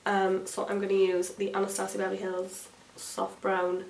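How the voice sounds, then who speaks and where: A woman's voice: medium pitch, monotone, normal speed, gravelly, recorded from a distance. A young woman, a beauty vlogger telling a story while doing her makeup, chatty and swearing freely. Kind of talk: chatty get-ready-with-me vlog. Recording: echoey room, voice a bit off-mic.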